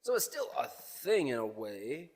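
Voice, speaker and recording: A man co-hosting a podcast who mostly answers with quick, blunt agreements. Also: medium pitch, big pitch swings, darkish tone, big-room sound. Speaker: podcast co-host. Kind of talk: casual chat.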